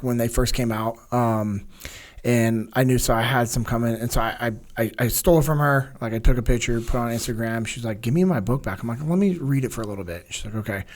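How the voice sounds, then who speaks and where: A man as a podcast guest, telling a story in an earnest, openly emotional way, rambling with many restarts. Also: medium pitch.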